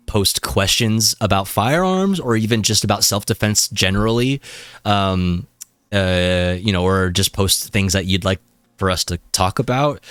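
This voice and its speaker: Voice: low-pitched, no echo. A young adult streamer in a casual live-stream rant, heated and profane, breaking into laughs.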